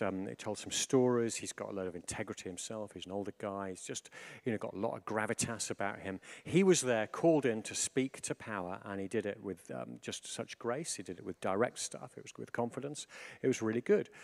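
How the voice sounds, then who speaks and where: A man giving an informal sermon, animated, swinging from hushed reflection to excited emphasis. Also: fairly low pitch, vocal fry. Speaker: preacher.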